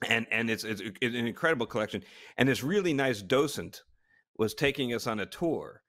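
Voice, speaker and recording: A man's voice: medium pitch, animated, a little fast, a bit bright. A middle-aged man and podcast co-host telling a funny story in casual chat, often breaking into laughter and restarting his sentences. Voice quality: short of stature (said), plain voice. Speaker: podcast co-host, former astronaut.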